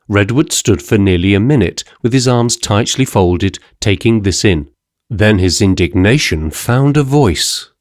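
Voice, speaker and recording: A man reads an audiobook in a measured, even storytelling style. His pitch is fairly low, and the studio-quality recording is dry.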